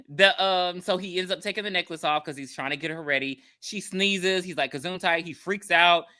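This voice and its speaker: A woman's voice: lowish voice, moderate pace, sharp tone. A woman co-hosting a podcast, recapping a movie in casual chat with wry asides and laughs. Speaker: podcast co-host.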